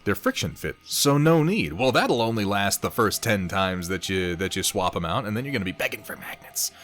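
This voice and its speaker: A man's voice: fairly low pitch, sing-song, brisk, fairly bright tone, soft background music. A man chatting casually on a live stream while painting miniatures, rambling, reading viewers' messages aloud and swearing offhandedly.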